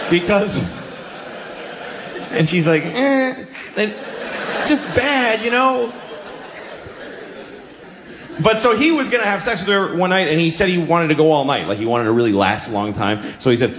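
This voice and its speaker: A man doing stand-up, telling a rambling story in halting, restarting phrases. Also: fairly high pitch, lively intonation, fairly bright tone. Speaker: stand-up comedian. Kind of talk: stand-up comedy set. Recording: echoey room with clear hiss.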